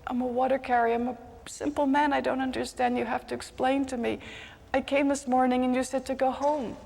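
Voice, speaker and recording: A woman's voice: sits high, flat delivery, fairly quick, vocal fry, darkish tone, big-room sound, voice pushed up. A woman voicing a poor, simple male water carrier who speaks earnestly and pleads. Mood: pleading.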